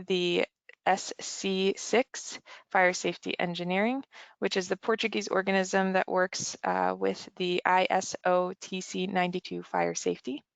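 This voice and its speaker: Gravelly woman reading webinar logistics. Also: mid-range voice, no room sound. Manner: reads from a script, businesslike. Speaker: event manager and moderator. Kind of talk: scripted webinar introduction.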